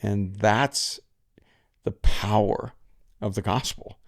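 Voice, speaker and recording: A man hosting a faith podcast, speaking in a measured, reflective way with a preacher's emphasis. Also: fairly low pitch, fairly even intonation. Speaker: podcast host.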